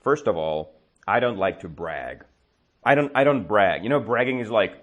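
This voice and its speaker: Guy teaching english, tells a story slow and clear, lots of "right?", deep-ish voice that jumps around a lot. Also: expressive. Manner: slow, exaggerated storytelling with comprehension checks. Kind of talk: storytelling lesson with questions to learners.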